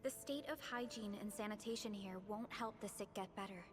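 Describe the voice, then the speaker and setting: An actress playing a calm, composed young female companion in a video game, speaking in a measured way. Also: mid-range voice, close to an everyday voice. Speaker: game character.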